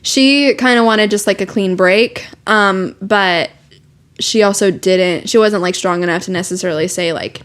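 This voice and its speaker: Young female podcast co-host, mid-pitch, filler-heavy, profane casual recap. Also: normal speed. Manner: animated retelling with profanity and "like" fillers. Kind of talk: casual book chat.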